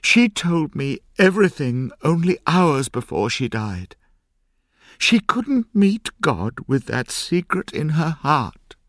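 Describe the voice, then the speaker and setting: A man voicing a frantic, tearful older village woman in an audiobook, crying out in high, strained pleas. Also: big pitch swings, slow pace, dry recording, studio quality. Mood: urgent. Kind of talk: audiobook character reading.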